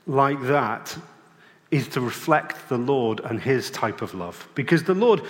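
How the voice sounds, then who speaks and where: A man preaching a sermon in a plain-spoken, conversational way, pausing and restarting now and then. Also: medium pitch. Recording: long reverb of a large hall.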